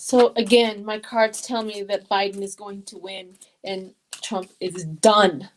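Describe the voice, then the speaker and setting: A woman's voice: mid-range voice, fairly even intonation, a little slow, noisy background. An older woman from Colorado giving a live tarot reading in an emotional, chatty way, reading viewer comments aloud. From Colorado, USA. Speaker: tarot reader.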